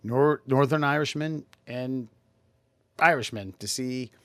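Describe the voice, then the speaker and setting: A man's voice: mid-range voice, slow, a bit bright, no room sound. A man co-hosting a podcast with dry, wry, profane asides in casual banter. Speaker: podcast co-host.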